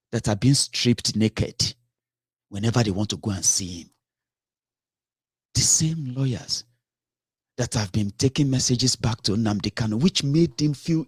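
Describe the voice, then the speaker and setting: A man's voice: medium pitch, husky, no echo. Man, impassioned commentary, exasperated, repeats and restarts, dry close sound. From Nigeria. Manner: rising to exasperated outbursts, repeats himself, restarts. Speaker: political commentator.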